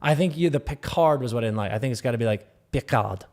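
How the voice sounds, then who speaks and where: A man's voice: mid-range voice, racing, a little mellow. A man co-hosting a live hockey podcast, breaking down the game analytically and teasing his partner. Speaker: podcast co-host. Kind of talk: casual hockey chat.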